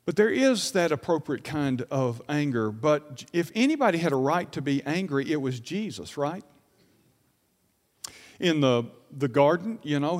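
Man preaching in a reverberant church. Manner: preacherly, rising to emphatic peaks and dropping to hushed lows; asks the congregation rhetorical questions. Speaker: pastor. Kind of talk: sermon.

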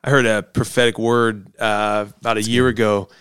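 A man's voice: lowish voice, normal speed, smooth, no echo. Male host, enthusiastic rambler, dry close recording. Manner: animated, enthusiastic, rambling with restarts. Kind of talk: casual conversation.

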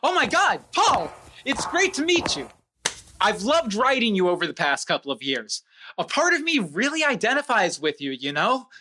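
A man playing a fussy high-voiced writer. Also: big pitch swings, normal speed, sharp tone, exaggerated voice. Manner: fussy, defensive. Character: fussy nerdy male writer. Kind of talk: comedic audio play.

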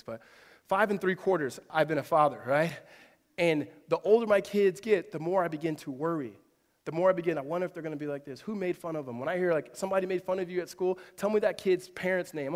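Animated man preaching in a big hall. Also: on the high side. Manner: animated storytelling with asides and self-deprecating humor. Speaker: pastor. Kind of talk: sermon. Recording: long reverb of a large hall.

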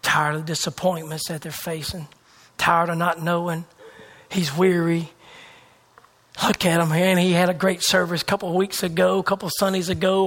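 High-voiced fervent male preacher. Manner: swings from loud fervor to hushed whispers; repetitive, emphatic preaching cadence. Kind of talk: sermon.

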